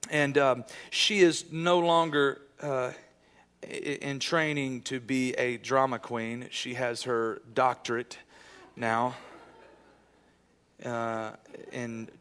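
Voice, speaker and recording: A man in his thirties preaching a sermon, telling stories in an animated way and building to emphatic, loud bursts. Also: medium pitch. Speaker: pastor.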